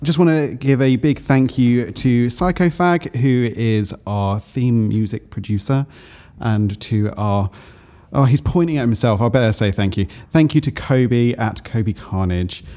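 A man hosting a podcast in casual chat, jokey and quick to laugh. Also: medium pitch, warm tone. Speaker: podcast host.

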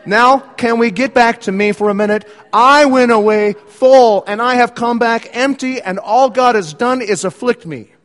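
A man's voice: sits high, lively intonation, normal speed, in a large hall. A man putting on a bitter complaining old woman. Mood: self-pitying. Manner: whiny, self-absorbed, emphatic. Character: bitter self-pitying older woman complaining loudly.

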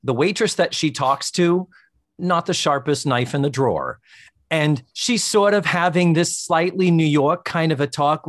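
A man co-hosting a podcast, talking in a casual, animated way. His pitch swings widely as he jumps into quick impressions of characters. The sound is dry and close, with no room echo. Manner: animated, acts out characters' lines in quick voices. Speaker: podcast co-host. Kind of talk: casual chat recapping a sitcom episode.

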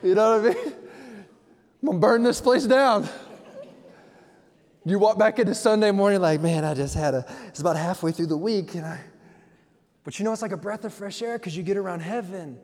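A pastor preaching in a long-reverb hall. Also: male voice, fairly high pitch, darkish tone. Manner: conversational, playful storytelling. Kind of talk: sermon.

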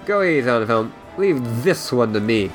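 A man's voice: medium pitch, lively intonation, soft background music, natural voice. Slyness, a man voicing an arrogant boy villain. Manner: slow, brash and theatrical.

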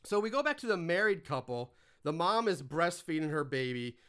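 A man's voice: on the high side, very animated, normal speed, fairly bright tone, clean tone. A man hosting a podcast, casually recapping a movie in a laid-back, crude and laughing way. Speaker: podcast host.

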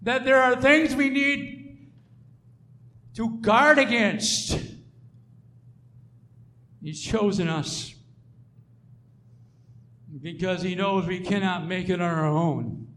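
A man preaching a sermon, emphatic and repetitive, swelling to loud declarations and dropping to soft asides. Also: high voice, slow, long pauses.

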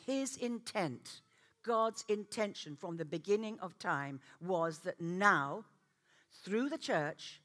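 A middle-aged woman preaching a sermon, animated and self-mocking, often laughing as she tells stories. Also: fairly low pitch.

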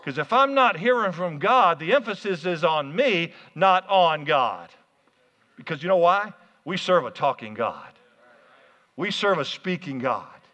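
A man preaching a sermon as pastor, energetic, calling out to the congregation in a church hall. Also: on the high side, unhurried. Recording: muffled, hall reverb.

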